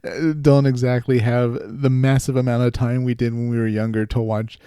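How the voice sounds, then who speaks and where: A man's voice: mid-range voice, little pitch movement, moderate pace, mellow, clear, resonant tone, dry recording, clean studio sound. A man co-hosting a casual podcast, joking around and laughing often. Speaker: podcast co-host.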